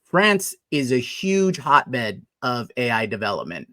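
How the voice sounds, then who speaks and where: Man, panelist, measured explaining, filler pauses, dry close sound. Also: medium pitch, sing-song, pushed and bright, no echo. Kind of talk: casual panel chat.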